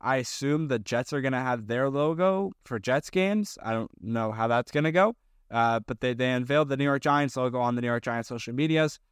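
Clear and resonant, this mid-range male voice moves fairly quickly in a studio-quality recording with no room sound. He's co-hosting a podcast in casual conversation, rambling along with plenty of fillers and restarts.

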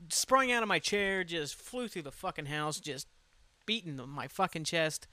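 A man hosting his own podcast from home, chatting casually in a rambling, excitable way, swearing freely and sounding tired. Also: on the high side, normal speed, dry recording. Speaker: podcast host. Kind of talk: casual solo podcast chat.

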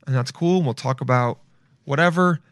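A man's voice: medium pitch, fairly quick, no room sound. A young adult man hosting a podcast, rambling through blunt, crude, jokey commentary in a casual chat. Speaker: podcast host.

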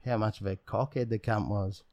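A man's voice: fairly low pitch, steady tone, normal speed, creaky, crowd noise. A man, hosting a podcast in casual chat, blunt and full of swearing. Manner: profane, blunt. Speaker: podcast host.

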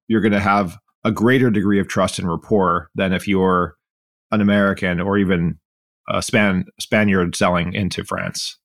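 Podcast host guy, lowish voice, asks questions kinda carefully. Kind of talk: casual interview chat.

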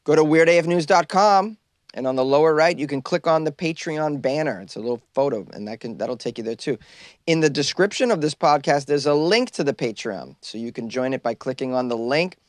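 On the high side and fairly quick, this host riffs through a comedic news podcast recorded in a small closet, cracking himself up at his own jokes. The recording is dry, with clean studio sound.

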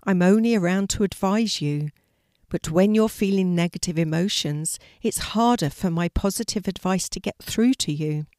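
A woman voicing a gentle female guardian angel who speaks softly and patiently in a storybook reading. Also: fairly low pitch, normal speed, no room sound, clean studio sound, natural voice. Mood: advising. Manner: soft, patient, advising.

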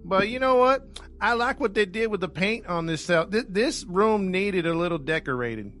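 Brief: man doing a laid-back, unbothered cop, high-pitched put-on drawl. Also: lively intonation, moderate pace, a bit bright, slight background noise.

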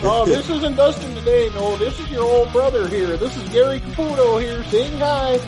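A man's voice: over music, poor audio. A man doing a goofy Canadian big brother. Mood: boisterous. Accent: put-on Canadian. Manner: high, boisterous, drawn-out.

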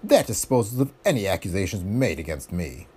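A haughty, venomous villain from a pulp detective story, as a man narrating puts him on. He speaks in a pompous, sneering, prissy way, with a husky tone and a pitch that jumps around. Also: big pitch swings, normal speed, dark tone, heavily acted.

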